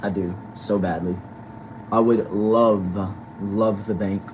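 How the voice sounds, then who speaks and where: Young guy on a home livestream, lowish voice, reads chat and answers wryly, steady air-conditioner hiss. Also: slow pace. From Texas. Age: 20s. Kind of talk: casual livestream chat reading comments. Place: small back room at home.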